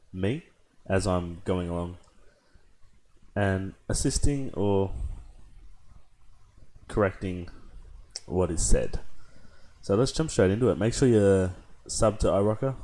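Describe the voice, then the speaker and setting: A man's voice: sits low, warm tone, slight background noise. An Australian man hosting a casual reaction video, chatting laid-back with joking asides.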